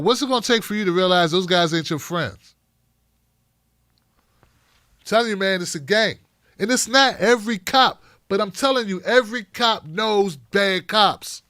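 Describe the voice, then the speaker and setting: Middle-aged male live-stream host, blunt and fired up; high, forceful voice, dry sound. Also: expressive, unhurried, pauses often, no room sound. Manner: fired-up, blunt, profane, talking to chat by name. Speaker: show host reading live chat. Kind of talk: live-stream talk show commentary.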